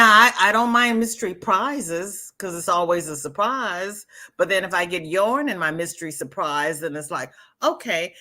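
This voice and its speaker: Older woman, livestream host, sassy and emphatic, bright forceful voice, low-pitched. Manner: sassy, emphatic, repeats herself. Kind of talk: casual chat with live viewers.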